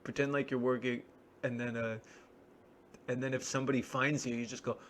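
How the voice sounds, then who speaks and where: A man's voice: mid-range voice, flat delivery, brisk. A man talking in a rambling, wry, self-deprecating solo monologue. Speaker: vlogger.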